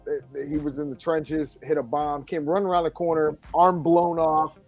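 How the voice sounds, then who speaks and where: A man's voice: on the high side, flat delivery, normal speed, soft background music. A man hosting a casual podcast, rambling and often laughing as he talks. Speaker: podcast host. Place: home studio, Florida.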